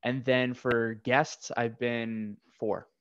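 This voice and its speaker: A man's voice: mid-range voice, flat delivery, takes it slowly, clean tone. A man hosting a casual podcast interview, often restarting sentences as he searches for words. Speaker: podcast host. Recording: slightly dull lo-fi audio.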